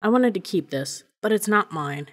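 A woman's voice: mid-range voice, lively intonation, normal speed, pitched above the performer's own voice, close to an everyday voice. A woman reading as an earnest teenage boy. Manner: stammers when nervous.

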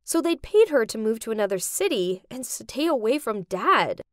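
A young woman giving dramatic scripted narration for an animated story. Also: on the high side, normal speed, no room sound, clean studio sound.

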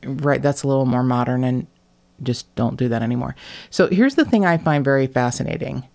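A woman with a flat Midwestern accent hosting a podcast, chatting casually, blunt and sarcastic with frequent swearing. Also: rumbling low, a little fast, creaky. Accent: Midwest General American. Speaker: podcast host.

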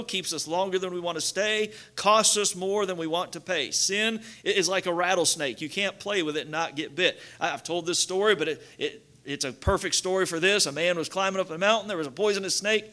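A man's voice: high voice, bright, forceful tone. A man with a Kentucky accent preaching a sermon as pastor, reading scripture and telling folksy stories with acted-out voices.

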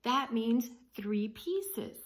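A woman's voice: on the high side, expressive, extremely slow. A woman reading as a sensible young gator. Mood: earnest. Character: young female alligator, sensible pie-sharer.

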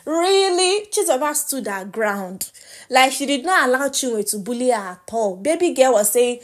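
Young Nigerian woman, gossip vlogger, slightly high voice, lively and laughing, drops Pidgin asides. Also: unhurried. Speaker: reality show gossip vlogger. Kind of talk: casual gossip recap.

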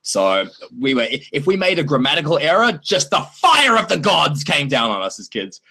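A man's voice: on the high side, moderate pace. A man from Australia in his thirties, hosting a casual livestream chat with jokey, playful asides. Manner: animated, jokey, playful broken-English bits. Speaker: livestream host.

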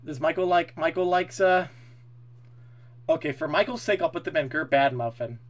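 Hyped streamer guy talking to chat, pretty high voice, swears a lot. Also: normal speed. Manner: excitable and opinionated, swears casually, talks to chat. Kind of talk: casual live-stream chat.

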